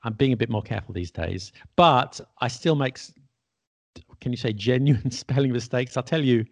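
Heard with no room sound, a man with a mid-range voice and normal pace hosts a podcast and teaches English; he converses casually, chatty and self-mocking, laughing often at his errors.

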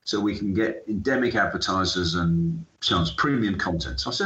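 Animated storytelling British man, echoey. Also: sits low, normal speed. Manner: animated anecdotal, acts out dialogue. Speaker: guest, sports entrepreneur. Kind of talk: storytelling interview. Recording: echoey room, dull lo-fi sound.

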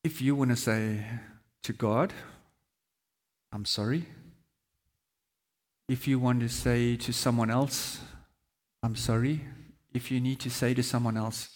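A man preaching as pastor, gently inviting the congregation to respond. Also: medium pitch, steady tone, takes it slowly, pauses often. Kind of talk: sermon. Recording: echoey hall with long reverb.

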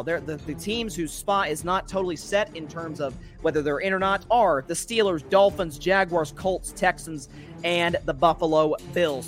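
A man's voice: high voice, a bit bright. A man hosting a solo sports podcast, rambling through his game picks with many fillers and self-corrections.

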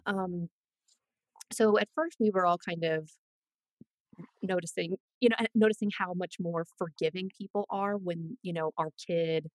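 A woman career coach chatting as an interview guest, animated and full of quick asides. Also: on the low side, dry recording. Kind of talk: casual interview chat.

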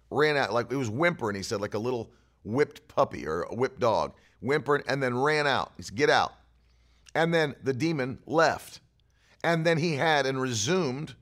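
A man's voice: medium pitch, a bit bright. A man preaching a sermon, telling a story earnestly and repeating key phrases for emphasis. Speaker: pastor. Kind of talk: sermon teaching.

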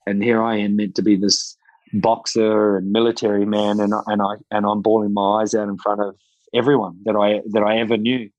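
A man, a guest in an interview, telling a personal story in a halting, emotional way with many restarts. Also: fairly low pitch, flat delivery, a little mellow, dry recording, lo-fi sound.

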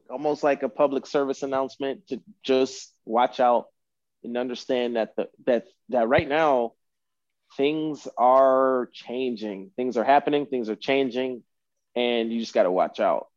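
A man's voice: medium pitch, moderate pace, darkish tone, dry recording, dull audio. A man telling a long story as a podcast guest in casual talk, rambling and repeating himself.

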